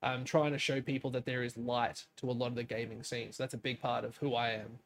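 A young man co-hosting a podcast, telling stories in a lively way, acting out quotes and swearing casually. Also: medium pitch, brisk, slight background noise. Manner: animated storytelling, acts out quotes. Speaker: podcast co-host, streamer.

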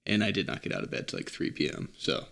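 A man's voice: deep voice, sing-song, fast talker, vocal fry, a bit bright. A man in his early twenties co-hosting a casual podcast, rambling in a laid-back way with lots of fillers. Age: 20s. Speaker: podcast co-host. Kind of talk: casual chat.

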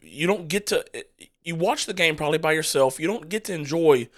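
A man's voice: fairly high pitch, a little fast. A man co-hosting a casual sports chat, rambling and passionate, prone to getting fired up. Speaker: podcast co-host.

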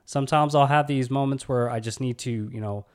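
Male podcast host, mid-pitched, loose and chatty advice talk. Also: fairly quick. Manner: conversational, many "you know" and "right?" fillers.

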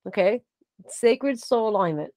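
A woman's voice: medium pitch, expressive, measured pace, a little mellow, no room sound. A woman hosting a podcast, offering short, wondering reactions and moving the talk on. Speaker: podcast host.

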